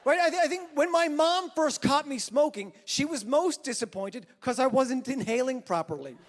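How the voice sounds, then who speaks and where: A man's voice: very high-pitched, expressive, moderate pace. A man hosting a comedy festival, telling stand-up jokes in a playful, self-deprecating way. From Newfoundland, Canada. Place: large theater with live audience. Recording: hall reverb, crowd and noise behind.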